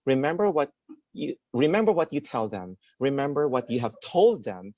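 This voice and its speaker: A man's voice: medium pitch, very animated, moderate pace, darkish tone, no room sound. A man with a Filipino accent giving a webinar lecture. He mixes English and Tagalog, adds "okay?" and "no?" checks, and acts out stress and intonation examples. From Philippines. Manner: demonstrates stress and intonation aloud. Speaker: webinar speaker.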